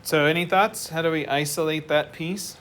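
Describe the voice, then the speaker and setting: A man's voice: a little high, steady tone, moderate pace, fairly bright tone. A man teaching a math class, explaining step by step and asking the students questions. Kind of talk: classroom lecture. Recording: noisy classroom recording.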